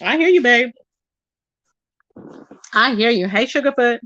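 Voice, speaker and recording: A woman hosting a live stream, reading her chat aloud and gossiping in an animated, chatty way, calling her viewers baby and child. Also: a little high, measured pace, no room sound, dull audio. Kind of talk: casual gossip commentary.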